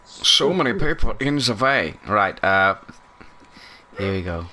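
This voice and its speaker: Guy, bright tone, casual gaming chatter, flustered and apologetic, let's play host. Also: lowish voice, expressive, unhurried, a little hiss or hum. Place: at home with a barking dog.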